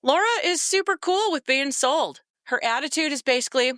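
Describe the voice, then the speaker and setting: A woman's voice: sits high, animated, a little fast, fairly bright tone, no room sound, clean studio sound. A woman co-hosting a podcast, recapping a novel in casual chat, sarcastic and exasperated, swearing freely. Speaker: podcast co-host.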